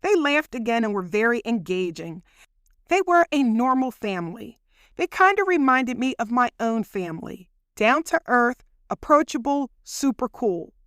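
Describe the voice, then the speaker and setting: A woman host casually telling a personal story, chatty and animated, speaking straight to her listeners. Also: fairly high pitch, normal speed, no echo, studio quality. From Philadelphia.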